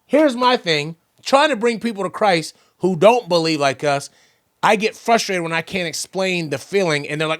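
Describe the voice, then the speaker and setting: Animated higher-pitched man, dry sound. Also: moderate pace, no echo. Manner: acts out both sides of conversations in quoted voices; emphatic, repeats phrases for effect. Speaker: podcast guest, percussionist and motivational entertainer. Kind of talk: animated storytelling conversation.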